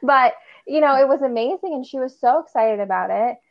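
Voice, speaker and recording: A woman's voice: sits high, expressive, brisk, highs cut off. A woman co-hosting a casual podcast as a therapist, chatty, laughing often and using lots of fillers.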